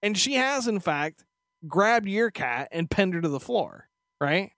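Man, podcast co-host, casual storytelling, profane, very lively pitch, dry close sound. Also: measured pace, no echo. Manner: profane, animated storytelling with voiced asides. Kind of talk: casual chat.

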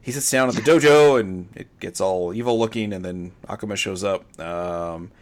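A podcast co-host with a low-pitched voice talks at normal speed, recapping a movie in loose, casual chat. He rambles and riffs, leaning on plenty of fillers.

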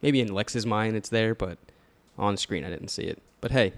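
A man's voice: on the low side, normal speed. A man co-hosting a casual podcast, talking hesitantly with many fillers. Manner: casual, hesitant, laughs often. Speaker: podcast co-host.

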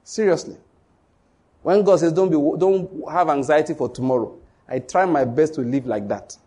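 A Nigerian man preaching in church, his voice husky and pitched a little high. He drives each point home by repeating it and speaks straight to the congregation. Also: moderate pace, mellow. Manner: emphatic, repetitive preaching that addresses the congregation directly. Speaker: pastor. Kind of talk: sermon.

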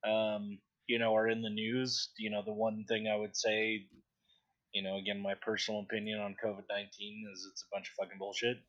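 A man's voice: fairly low pitch, completely flat delivery, brisk, fairly bright tone, dull audio. A young man chatting casually on a podcast, blunt and profane, rambling with lots of fillers. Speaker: podcast co-host, distillery industry board representative.

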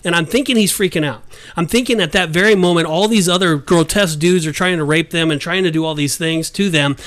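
A man's voice: high voice, quick pace, a bit bright, no echo. A man co-hosting a casual Bible discussion podcast who talks emphatically and acts out the scenes he describes. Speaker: podcast co-host.

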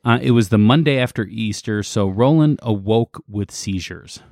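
Guy podcast host, lowish voice, dry close sound, chill storytelling. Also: normal speed, dry recording. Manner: relaxed, recounting with laughs and fillers. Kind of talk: casual storytelling chat.

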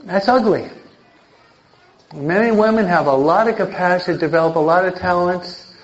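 An older man, a priest teaching an adult catechism class in a lively sermon style, emphatic and often checking in with his listeners. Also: sits high, normal speed. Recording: dull lo-fi recording.

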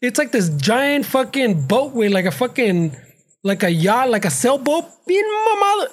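A man's voice: sits high, animated, normal speed. A man telling a story in a casual podcast chat, profane and laughing, mixing English and Spanish. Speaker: podcast co-host.

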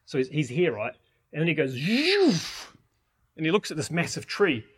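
A man's voice: on the high side, quick pace, breathy edge. A man teaching permaculture in an enthusiastic, rambling way, with many restarts. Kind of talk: informal teaching talk.

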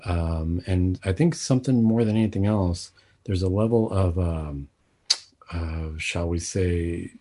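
A man's voice: low-pitched, unhurried, mellow. A middle-aged man hosting a casual podcast chat, playful and teasing, sometimes putting on mock bluster. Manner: playful, plays devil's advocate with mock bluster. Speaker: podcast host.

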